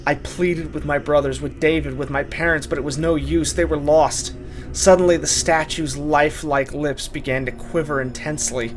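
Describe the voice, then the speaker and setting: A man's voice: fairly high pitch, fairly even intonation, moderate pace. Man narrating a horror story. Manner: dramatic storytelling, tense and urgent. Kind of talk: first-person creepypasta narration.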